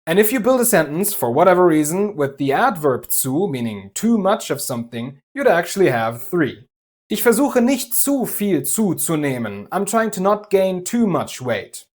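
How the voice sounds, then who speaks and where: A man's voice: sits high, very animated, moderate pace, darkish tone. Methodical German man teaching grammar. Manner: clear, methodical, lightly humorous. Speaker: language teacher. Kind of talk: scripted explanatory lesson.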